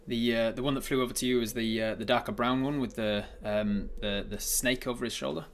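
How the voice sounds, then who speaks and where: A man's voice: mid-range voice, fairly even intonation, a little fast, a little hiss or hum. A man narrating as game master of a tabletop game, hesitant, with many fillers and restarts.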